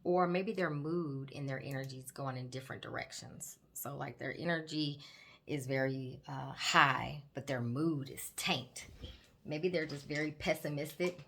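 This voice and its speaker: A woman nurse practitioner, hosting a chatty, animated educational talk while doing her makeup and speaking straight to viewers. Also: deep voice, normal speed, gravelly, a little hiss or hum. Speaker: host, psychiatric nurse practitioner. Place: home, doing makeup on camera.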